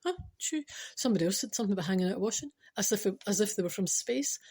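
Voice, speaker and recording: A Scottish woman in her forties tells a comic story in a chatty, meandering way. She ad-libs freely, breaks off into asides and keeps adding "I know." Her pitch sits in the middle of the female range. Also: animated, fast, noisy background. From Scotland. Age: 40s. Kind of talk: rambling comic monologue.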